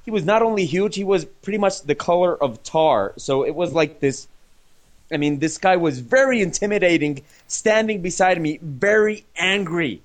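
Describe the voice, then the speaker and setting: A man's voice: sits high, animated, moderate pace. A man telling a long travel anecdote in casual chat, rambling with fillers and restarts and chuckling as he goes. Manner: chuckles while talking. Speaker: comic artist telling a travel story.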